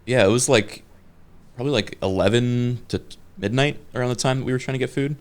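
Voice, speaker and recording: A man's voice: mid-range voice, fast talker, clean tone. A man in his thirties co-hosting a podcast, telling a story casually with many fillers and restarts. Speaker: podcast co-host. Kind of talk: casual chat.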